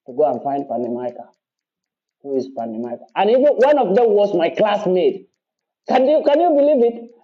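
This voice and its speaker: A man with a Gambian accent talks straight to his followers in a passionate, defiant monologue. His voice sits high for a man, and he drives his points home by repeating them and swearing oaths. The recording sounds dull and lo-fi. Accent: Gambian English. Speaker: activist speaking to his followers. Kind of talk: impassioned monologue.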